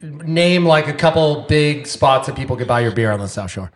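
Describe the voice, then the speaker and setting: Male podcast host, mid-pitched, upbeat and friendly. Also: lively intonation, normal speed, a little hiss or hum. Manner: upbeat, wraps up and plugs the guests. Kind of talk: casual interview chat.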